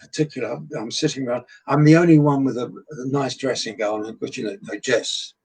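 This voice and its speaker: Older English entertainer, husky, raconteur who acts out his anecdotes. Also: medium pitch, brisk, low-quality recording. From England. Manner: animated storyteller, acts out quoted voices. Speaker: guest entertainer. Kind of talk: anecdotal chat.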